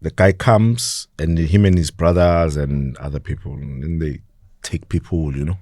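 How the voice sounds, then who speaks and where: South African male guest, very low dark voice, animated storyteller, dry close sound. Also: normal speed, no room sound. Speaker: podcast guest. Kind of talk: storytelling in an interview.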